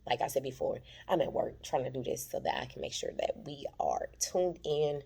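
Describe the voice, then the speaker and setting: A woman's voice: very deep voice, big pitch swings, normal speed, vocal fry, mellow, husky. A woman chattily retelling a TV episode in a dramatic recap, recording from her workplace. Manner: chatty, dramatic retelling, calls listeners "child". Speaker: TV recap vlogger.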